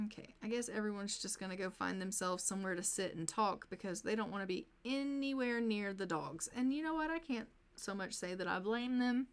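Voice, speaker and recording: A woman's voice: mid-range voice, normal speed, few pauses. A woman giving casual let's-play commentary on a life-sim game, chatting along and talking to her characters as she plays. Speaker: gameplay narrator.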